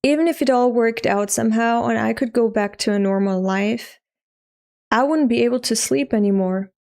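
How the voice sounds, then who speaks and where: A woman reading aloud as a resigned teenage girl facing death, in a flat, weary way, her voice gravelly. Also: on the high side, normal speed.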